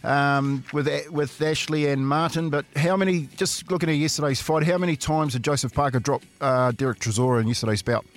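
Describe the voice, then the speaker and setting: A man with a New Zealand accent running a radio phone quiz, matey and jokey, a little halting at times. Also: on the high side. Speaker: radio quizmaster. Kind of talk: casual radio quiz banter. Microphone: phone line into studio.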